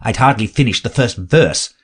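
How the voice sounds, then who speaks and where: A man's voice: medium pitch, lively intonation, moderate pace, husky. A man voicing a mournful, fussy, eccentric hatter in an audiobook. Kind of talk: audiobook character voice.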